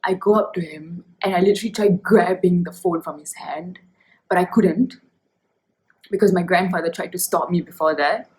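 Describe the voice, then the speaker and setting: A woman's voice: on the low side, normal speed, a little mellow, low-quality recording. Young woman telling an emotional story. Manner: emotional, indignant retelling. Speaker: vlogger. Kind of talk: personal storytime vlog.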